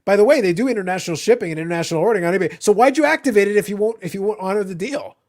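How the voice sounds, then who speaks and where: A man from Canada hosting a casual livestream, ranting in animated bursts and cursing freely. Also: high-pitched, very fast. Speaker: livestream host. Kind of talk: casual chat.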